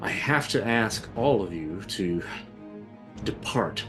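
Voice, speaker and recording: A man voicing a formal, smooth-talking undercover spy who persuades soldiers to leave, over background music. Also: lowish voice, animated, slow. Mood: persuasive.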